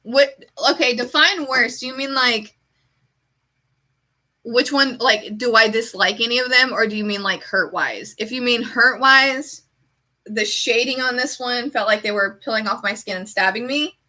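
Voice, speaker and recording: Woman streamer, casual animated chat, bright tone, slightly high voice. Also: measured pace. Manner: chatty, heavy use of "like"; animated storyteller.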